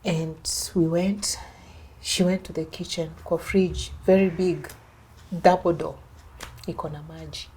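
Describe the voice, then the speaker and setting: A young Kenyan woman with a Kenyan accent, appearing as an interview guest, recounts a personal story, mixing English and Swahili and acting out other people's lines. Her voice is on the low side, warm and husky, with a steady tone and a slightly slow delivery.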